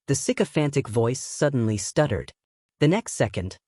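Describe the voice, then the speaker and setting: A man narrating a first-person story in a steady, wry way. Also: medium pitch, moderate pace, no echo, studio quality.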